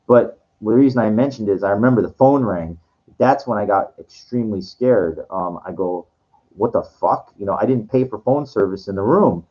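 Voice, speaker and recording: A man tells a long personal story in a loose, rambling way, stopping and restarting often. His voice sits low. The recording sounds dull and lo-fi. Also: fairly quick. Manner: rambling, many fillers and restarts. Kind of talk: casual storytelling monologue.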